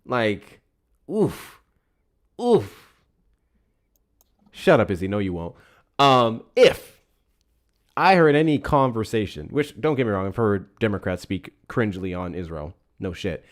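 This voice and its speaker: A low-pitched man holds forth as a livestream host. His delivery is lively and full of swings, and he slips into profane, heated ranting as he comments. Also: normal speed. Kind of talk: casual political commentary.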